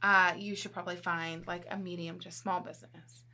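A woman's voice: fairly low pitch, level tone, moderate pace, sharp tone. A woman chatting casually as a podcast guest. She is talkative and often checks in with "right?".

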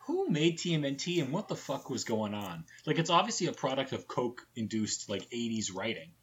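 A man's voice: medium pitch, very animated, normal speed. A man co-hosting a comedy podcast, joking crudely and laughing often in casual chat. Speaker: podcast co-host.

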